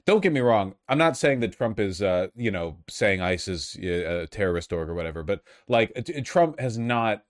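A man's voice: lowish voice, animated, normal speed, few pauses. A man giving casual, sarcastic commentary, rambling with many fillers and restarts. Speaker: online commentator.

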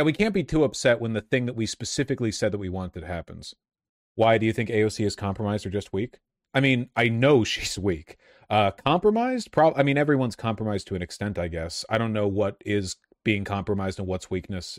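A man's voice: on the low side, a little fast, no room sound, studio quality. A man giving casual political commentary in a sardonic, profane manner, with laughing asides.

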